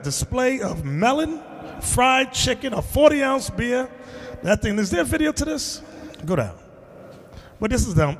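A man preaching in an animated, emphatic way, mixing street talk with scripture in a reverberant hall. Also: high voice, husky. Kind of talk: sermon-style teaching.

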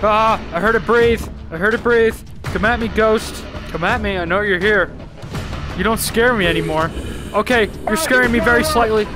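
High-voiced man joking through a game. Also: moderate pace, music in the background. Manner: jokey, swearing, yelps and screams when scared. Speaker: gaming YouTuber. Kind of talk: comedic gameplay commentary.

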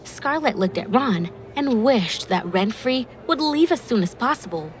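Expressive female narrator for a melodrama, lively pitch, soft music under. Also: measured pace. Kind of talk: scripted storybook narration. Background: faint background music.

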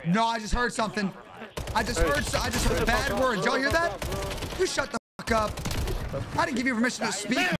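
High-voiced brash trash-talking streamer man. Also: brisk. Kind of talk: casual live-stream commentary while gaming. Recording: game noise under voice.

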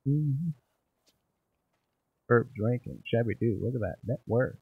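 A man's voice: medium pitch, animated, a little slow, creaky, husky, no room sound, phone-quality sound. A man casually commenting while playing a game, thinking aloud and joking about himself. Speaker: gaming channel host. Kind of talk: let's play commentary.

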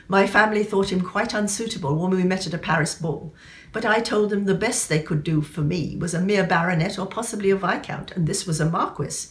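A woman's voice: mid-range voice, close to an everyday voice. A woman doing a breezy upper-class English lady. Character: chatty elegant English lady abroad, a marquise.

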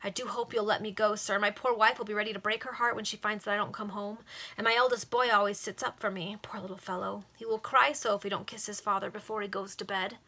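A woman's voice: mid-range voice, fairly even intonation, quick pace, bright, forceful tone. A woman voicing a poor, humble male street fruit seller who pleads to be let go. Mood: pleading.

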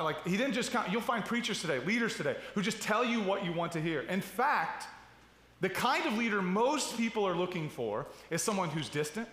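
A pastor in his thirties preaching a sermon in a church, chatty and direct, often checking in with "right?" and dropping low and quiet when telling stories. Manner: conversational preaching with asides and repeated "right?". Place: church sanctuary. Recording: roomy hall with long reverb.

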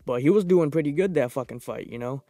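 A young man hosting a podcast, reviewing fights in a profane, rambling, excitable casual monologue. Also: fairly high pitch, quick pace, no echo, clean studio sound. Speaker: podcast host.

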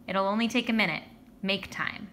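Strict mom giving orders, bright clear voice, faint room hum, woman doing the voice. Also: medium pitch, normal speed, close to an everyday voice. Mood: firm.

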